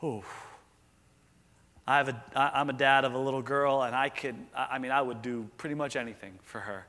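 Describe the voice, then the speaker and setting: A man's voice: medium pitch, fairly even intonation, brisk, bright, forceful tone. Earnest preacher man in a reverberant hall. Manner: earnest, conversational, rhetorical questions. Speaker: pastor. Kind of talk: sermon.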